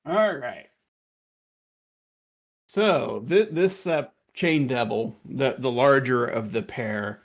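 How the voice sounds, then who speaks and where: Male game master, slow and gravelly, halting narration with lots of restarts. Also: mid-range voice. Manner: halting, with many restarts and fillers.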